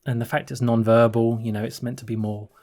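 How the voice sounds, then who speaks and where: Chatty male host, mid-pitched, rambling and laughing as he tells stories. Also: level tone, fairly quick, darkish tone. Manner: chatty, laughs often, many restarts. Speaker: channel host. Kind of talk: rambling casual storytelling over gameplay.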